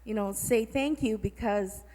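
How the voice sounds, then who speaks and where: A woman's voice: fairly high pitch, measured pace, mellow. Fields: Woman, heartfelt teacher, echoing hall. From Guam. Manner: heartfelt, apologetic. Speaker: middle school teacher. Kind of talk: audience remarks at a symposium. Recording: long hall reverb.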